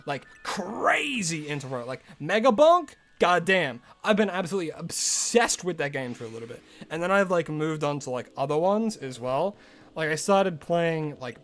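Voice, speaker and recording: A male streamer with a slightly high voice rambles loosely on a live stream, his casual talk full of "like" and restarts. Soft game music plays behind him.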